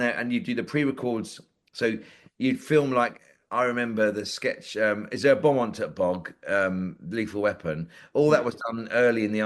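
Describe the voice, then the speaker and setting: Man, forties, lowish voice, rambling anecdotes, swears a lot. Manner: rambling, lively, swears freely, acts out quotes. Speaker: podcast guest. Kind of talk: casual anecdotal storytelling.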